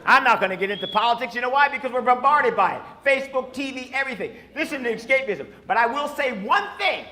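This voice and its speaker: A brash stand-up comedian with a high, bright-sitting voice works a live club crowd, punchy and loud. Laughter and room noise from the audience fill the space around him in this live recording. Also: male voice, expressive, fast talker.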